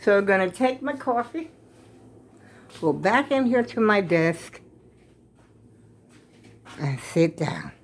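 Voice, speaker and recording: Chatty older grandma. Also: female voice, low voice. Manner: chatty, folksy, addresses viewers as y'all. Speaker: vlogger. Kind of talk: casual kitchen vlog. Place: home kitchen.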